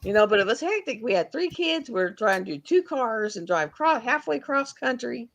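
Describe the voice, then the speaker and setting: A woman's voice: a little high, very animated, normal speed, muffled recording. A woman hosting a livestream, telling rambling, folksy stories in casual chat. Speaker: livestream host.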